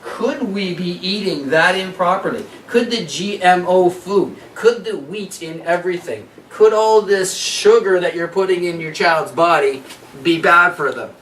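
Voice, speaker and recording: Guy running a health workshop, bit high voice, roomy echo, mic kinda far off. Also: measured pace, slight background noise. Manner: lively, asks audience questions. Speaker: workshop presenter. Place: workshop room. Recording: echoey room, distant mic.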